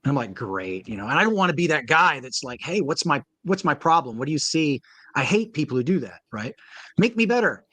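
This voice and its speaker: Man, paintball coach, interview guest, animated storytelling, slightly high pitch, dry. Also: fast talker, no room sound. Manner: animated storyteller, acts out quoted voices. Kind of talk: casual interview talk.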